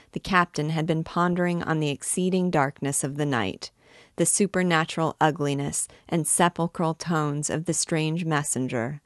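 Woman narrator, low and unhurried, measured literary reading; dry close mic. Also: dry recording. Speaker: reader and guide of a book series. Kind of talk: literary read-aloud narration.

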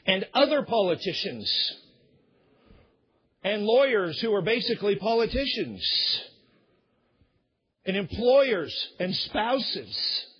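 A man preaches from the pulpit in an easy, conversational way, often stumbling into repeated words and slipping into quoted voices. His voice sits high for a man and has a husky edge. The recording is dull and lo-fi. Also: sing-song, slow pace, long pauses. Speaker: pastor. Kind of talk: sermon.

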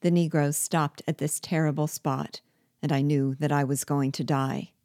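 A woman reading a novel aloud in a measured, deliberate manner. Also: low-pitched, fairly even intonation, darkish tone, no echo, clean studio sound. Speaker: book reader.

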